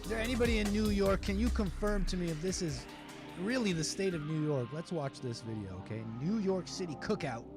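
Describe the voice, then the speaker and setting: A man hosts a loose livestream, reacting aloud and answering his viewers in an animated, rambling flow. His voice sits a little higher than most men's. Music plays clearly underneath him. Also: a little fast. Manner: animated, rambling, talks to chat, mock-singing asides. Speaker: livestream host. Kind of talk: casual livestream commentary reacting to chat. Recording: music playing behind the voice.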